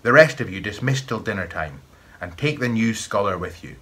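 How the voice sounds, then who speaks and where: A man's voice: fairly low pitch, lively intonation, fairly quick, pushed and bright, breathy edge, heavily acted. A man with a Scottish accent voicing a sly, sinister old male wizard who runs a school of magic. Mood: commanding.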